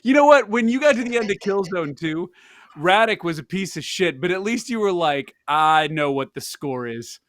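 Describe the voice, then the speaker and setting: A man co-hosting a casual podcast about video games, animated and laughing often. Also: high voice, fairly quick, no room sound. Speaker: podcast co-host. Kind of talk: casual gaming chat.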